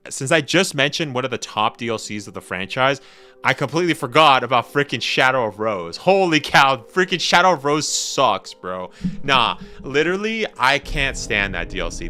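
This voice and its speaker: A young Canadian man with a Canadian accent, rambling and excitable in casual live-stream chat with slang. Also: medium pitch, moderate pace, faint music behind. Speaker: gaming streamer.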